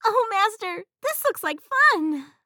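A woman voicing an eager, naive female genie servant in a high, loud, wide-eyed innocent voice. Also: big pitch swings, takes it slowly, dry recording, clean studio sound, exaggerated voice.

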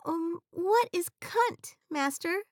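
A woman voicing an eager, naive female genie servant in a high, loud, wide-eyed innocent voice. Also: animated, slow, no echo, studio quality, exaggerated voice.

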